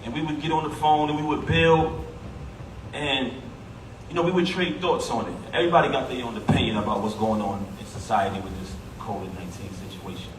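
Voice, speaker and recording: A man's voice: mid-range voice, a little fast. A man with a New York accent giving a heartfelt eulogy at a funeral, speaking emphatically and casually, straight to the crowd. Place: funeral service in a large echoey hall. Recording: echoey hall from far off, noisy.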